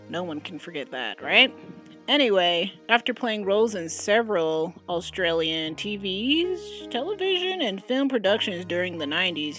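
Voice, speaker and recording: A woman's voice: on the low side, bright, forceful tone. A young woman vlogger giving casual reaction commentary, chatty and exclamatory.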